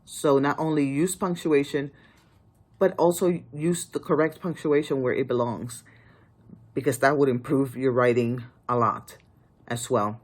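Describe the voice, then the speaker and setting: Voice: medium pitch, steady tone, measured pace. An author giving casual writing advice to the camera, emphatic and pleading, often restarting sentences.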